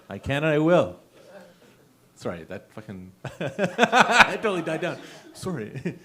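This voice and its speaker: This young stand-up comedian speaks slowly in a fairly high, slightly bright voice that swings hugely in pitch. He's working the room at an open mic in a small comedy club, chatty and self-deprecating, repeatedly cracking up at his own material.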